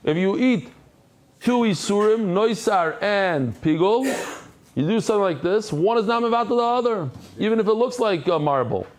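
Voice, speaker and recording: A man who is a rabbi giving a Talmud lecture, talking conversationally to his class and acting out anecdotes with lively energy. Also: high-pitched, normal speed. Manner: animated storyteller who acts out anecdotes; conversational, addresses the class directly.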